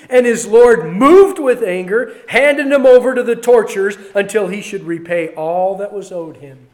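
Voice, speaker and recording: A male preacher giving a sermon, reading scripture aloud and commenting on it in a conversational way, swinging between loud emphasis and quiet asides. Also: high voice, unhurried.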